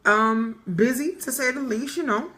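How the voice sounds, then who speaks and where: A woman's voice: fairly high pitch, moderate pace, a bit bright. A young woman co-hosting a live-streamed chat show, loose and joking, swearing freely and laughing often. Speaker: podcast co-host.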